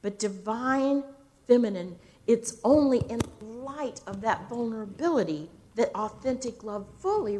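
An older woman minister giving a sermon, telling stories slowly and expressively with dramatic pauses. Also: mid-range voice.

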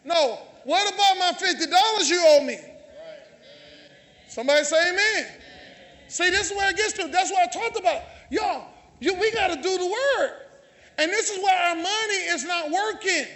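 A man's voice: extremely high pitch, moderate pace, fairly bright tone. A man with a Southern US accent preaching a sermon in a church, calling out to the congregation and teasing them. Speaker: pastor. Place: church sanctuary. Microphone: handheld or stage mic.

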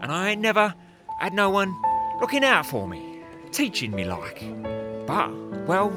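A man's voice: high-pitched, huge pitch swings, a little slow, over loud music, exaggerated voice. A man playing a cheerful Cockney chimney sweep who talks in rhyming slang and keeps breaking into song. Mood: sentimental. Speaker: comedy sketch performer.

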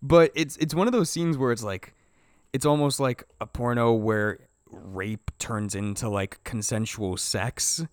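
Young male podcast co-host, chatty film recap, acts out quotes, mid-pitched voice, dry close recording. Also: measured pace, clean tone, no echo. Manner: animated retelling, acting out scenes in quoted voices, frequent "like". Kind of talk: casual film discussion.

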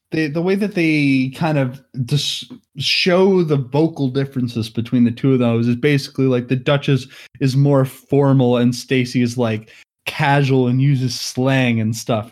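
A man in a relaxed podcast chat, talking through a film's plot at a middling pitch. He rambles and leans on "like" a lot. He keeps breaking into small chuckles. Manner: rambling, heavy on "like", chuckles often. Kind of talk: casual movie recap chat.

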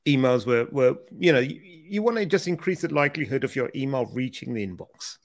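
A man's voice: medium pitch, animated, brisk. A British man co-hosting a podcast in easy conversation. He talks loosely, stumbling and repeating words, and laughs often. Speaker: podcast co-host. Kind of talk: casual chat.

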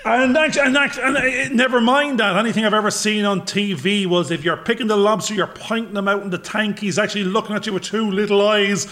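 High-voiced rambling man. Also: a little fast, few pauses. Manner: rambling, animated storyteller with sudden loud bursts. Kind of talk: casual chat.

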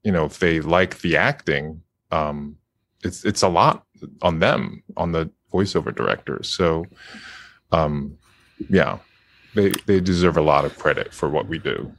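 A man's voice: a bass voice, unhurried. A man guest voice actor in a casual interview chat, laughing often and speaking hesitantly with many fillers.

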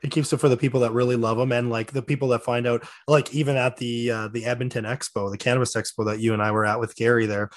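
A man from Canada hosts the chat at a quick clip, with a mid-pitched voice. He asks upbeat, friendly questions in an easy, conversational way. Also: flat delivery. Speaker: host. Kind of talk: casual interview chat.

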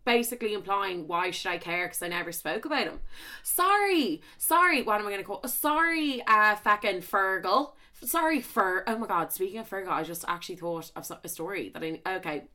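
A young Irish woman hosting a podcast, telling a story in a rambling, animated way full of swearing and asides, close on the mic. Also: lowish voice, quick pace, hardly any pauses. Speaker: podcast host. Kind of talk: casual storytelling chat. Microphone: close studio mic with popping.

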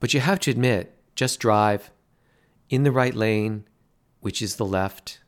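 Guy doing a fed-up mom, sharp and curt. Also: fairly low pitch, a little slow, close to an everyday voice. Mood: exasperated. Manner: sharp, exasperated. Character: exasperated mother, sharp-tongued.

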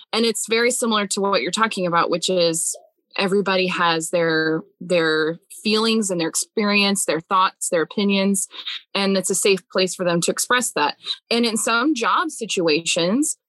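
Earnest, animated woman host. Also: mid-range voice, no room sound. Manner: earnest, animated, thinks aloud with many "like"s. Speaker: podcast host. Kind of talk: casual family conversation.

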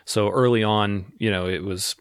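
A man's voice: fairly low pitch, fairly even intonation, normal speed, smooth, dry recording, studio quality. A man from the Boston area chatting casually on a podcast, easygoing and hesitant with lots of fillers. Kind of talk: casual chat.

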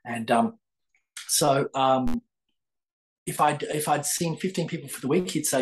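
A man's voice: fairly high pitch, moderate pace, pauses often, a little hiss or hum, rough recording. An older man, a guest telling a long story with many fillers and restarts in a podcast interview. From Australia. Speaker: guest, psychic author.

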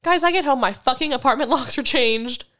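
Animated, swearing young woman telling a story. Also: sits high. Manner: profane, animated storytelling with quick laughs. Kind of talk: casual chat.

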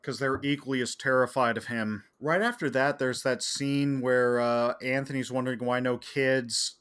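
A man's voice: mid-range voice, fairly even intonation, moderate pace, a bit bright, clean tone. A man co-hosting a podcast in casual chat, speaking in a dry, matter-of-fact way. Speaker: podcast co-host.

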